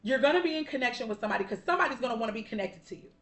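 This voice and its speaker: A young woman talks through a tarot spread for her viewers in a chatty, heartfelt way, with the odd curse word thrown in. Her voice sits a little high. The room around her sounds echoey. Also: expressive, rapid-fire, fairly bright tone. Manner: chatty and heartfelt, addresses viewers as y'all and baby, swears casually. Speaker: tarot card reader. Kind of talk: casual spiritual tarot reading to viewers. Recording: roomy echo.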